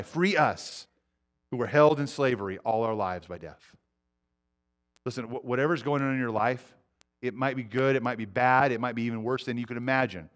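A middle-aged man preaching a sermon, earnest, swinging between loud urgency and quiet intensity. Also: medium pitch. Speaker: pastor.

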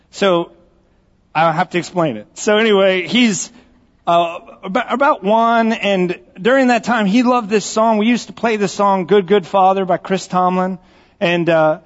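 Folksy male pastor, high voice, joking sermon style; dull church recording with long reverb. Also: moderate pace. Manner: joking, folksy, speaks directly to the congregation. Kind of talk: conversational storytelling sermon. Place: church sanctuary.

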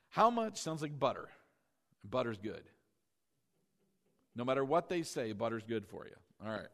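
In a fairly high, sing-song voice with a fairly bright tone, this pastor delivers his sermon, eliciting responses from the congregation, posing rhetorical questions and slowing his pace to stress points.

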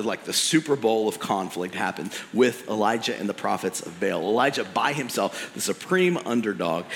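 A man preaching a sermon as pastor, telling a story in an animated way with casual slang. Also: mid-range voice, in a large hall, a little hiss or hum.

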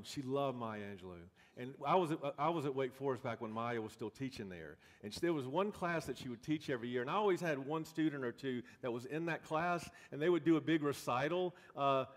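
A man pastor telling a story in a sermon, in an animated, folksy way with many restarts. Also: medium pitch. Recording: long reverb of a church hall.

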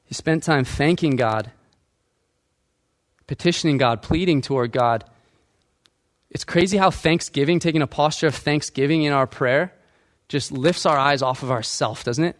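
A man's voice: a little high, normal speed, long pauses. A male pastor preaching a sermon, asking the congregation questions and acting out quoted lines.

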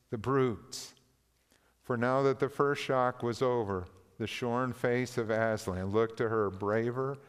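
A man preaching a sermon, reading a story and scripture aloud in a slow, earnest, deliberate manner. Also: lowish voice, clear, resonant tone. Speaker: pastor. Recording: long reverb of a large hall.

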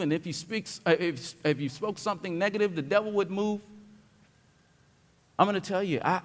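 A man preaching a sermon as pastor, dropping to quiet reflection and then building to loud, emphatic declarations. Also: sits high. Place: church sanctuary. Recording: long hall reverb.

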